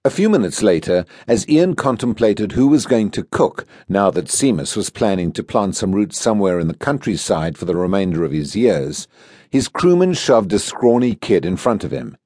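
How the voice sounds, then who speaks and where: A man narrating a historical romance audiobook in a measured, expressive storytelling manner, on a close studio mic. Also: on the low side, no room sound. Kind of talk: scripted narration.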